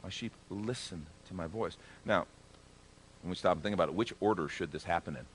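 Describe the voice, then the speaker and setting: A middle-aged male pastor giving a conversational sermon, joking in asides and swelling loud for emphasis. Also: low-pitched, brisk, slight background noise.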